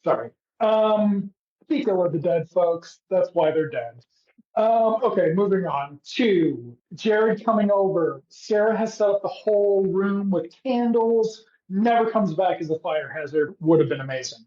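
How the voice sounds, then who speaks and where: A man's voice: high-pitched, animated, unhurried, mellow. A man co-hosting a podcast, recapping a show in casual comedic chat with sarcastic, profane riffing. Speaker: podcast co-host. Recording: echoey, dull lo-fi room sound.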